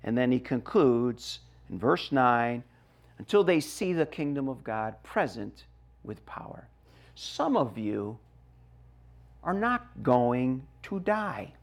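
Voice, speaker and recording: A man's voice: medium pitch, big pitch swings, takes it slowly. Emphatic middle-aged male pastor preaching. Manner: emphatic preaching with wide swings in loudness. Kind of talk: sermon.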